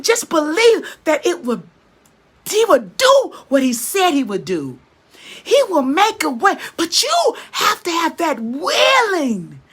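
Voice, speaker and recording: A woman's voice: high voice, fairly bright tone. A woman giving an emotional, preacher-like motivational talk, repeating herself for emphasis. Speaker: online motivational speaker.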